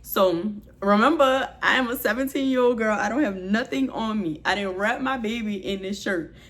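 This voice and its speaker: A woman's voice: mid-range voice, moderate pace. New woman telling her story. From New Orleans, USA. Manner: candid, expressive retelling, heavy use of "like". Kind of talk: storytime vlog.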